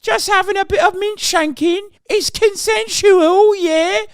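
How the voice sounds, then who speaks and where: A man putting on a cheeky British bloke with a mock British accent, high, shouted and jeering. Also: fairly even intonation, a little slow, no echo, clean studio sound. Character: mocking British bloke brushing off crimes, loud, cheeky.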